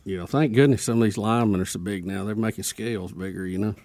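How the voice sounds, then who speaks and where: A man's voice: fairly low pitch, steady tone, fast, darkish tone, dry recording, clean studio sound. Joking radio co-host man. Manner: joking, teasing interjections. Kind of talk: casual banter.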